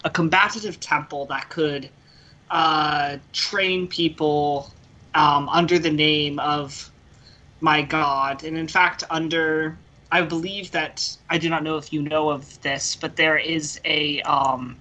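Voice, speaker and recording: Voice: mid-range voice, steady tone, sharp tone, poor audio. A player voicing an earnest American priest. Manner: earnest, halting, with many fillers. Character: earnest priest adventurer seeking support. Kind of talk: tabletop game role-play.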